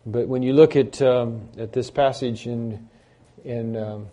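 A man's voice: mid-range voice, steady tone, unhurried, dark tone. A man preaching a sermon, reading scripture passages aloud and stopping to comment on them. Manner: reads scripture aloud, then comments with fillers and restarts.

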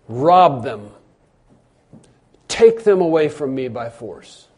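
Guy preaching, leans hard on words then goes quiet, warm voice. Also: mid-range voice, sing-song, takes it slowly, pauses often, husky. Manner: emphatic, repeats phrases, swings between loud stresses and quiet drops. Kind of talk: sermon.

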